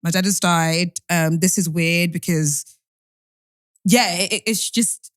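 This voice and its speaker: A woman's voice: on the low side, steady tone, takes it slowly, no echo, clean studio sound. A young woman, co-hosting a podcast in candid, rambling casual chat. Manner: rambling, candid, restarts often. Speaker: podcast co-host.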